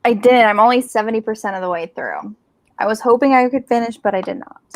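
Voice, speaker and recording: A woman's voice: a little high, quick pace, a little mellow, no echo, clean studio sound. A woman co-hosting a casual book chat over a video call, giggly and enthusiastic. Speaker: co-host of a book reading livestream.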